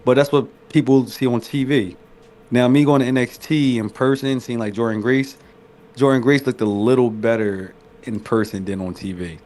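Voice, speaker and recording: A man co-hosting a casual podcast, talking in slangy, profane, animated banter. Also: mid-range voice, normal speed. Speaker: podcast co-host. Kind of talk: casual chat.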